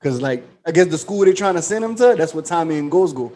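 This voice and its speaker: A man's voice: fairly high pitch, quick pace, slight background noise. A man co-hosting a casual podcast, retelling a show's plot in a slangy, profane way and acting out the characters' lines. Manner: animated storytelling, acts out quoted dialogue. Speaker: podcast co-host.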